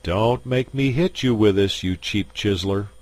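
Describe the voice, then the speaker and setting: A man's voice: fairly low pitch, normal speed, pitched above the performer's own voice, natural voice. A man voicing a tough male adventurer who gives firm, clipped commands.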